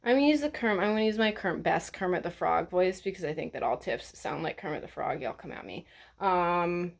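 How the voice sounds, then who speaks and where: A woman vlogger talking in a blunt, sarcastic, profane way as she rants to the camera. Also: mid-range voice. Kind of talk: casual ranting vlog.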